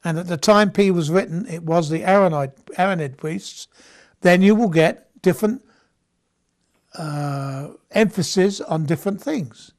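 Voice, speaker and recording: This man's voice sits high and moves a little slowly as he delivers a casual Bible lecture. He teaches conversationally, often repeating words, starting over, and asking "okay?".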